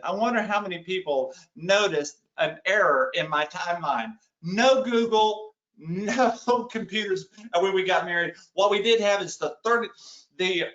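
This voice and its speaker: A man's voice: high voice, sharp tone. A man giving a keynote talk, telling a funny story and acting out the dialogue. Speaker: keynote speaker. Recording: echoey room, dull lo-fi sound.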